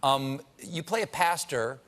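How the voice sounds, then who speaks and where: A man hosting an interview, asking questions in a measured way with a few fillers. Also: a little high, a bit bright. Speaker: interview host.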